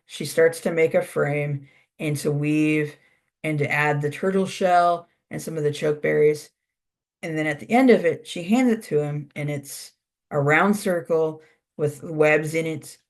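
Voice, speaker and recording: An instructor tells a folk tale aloud to a class at an easy pace. The voice sits at a middle pitch, and words are repeated for rhythm. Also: fairly even intonation, unhurried. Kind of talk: oral storytelling in a class.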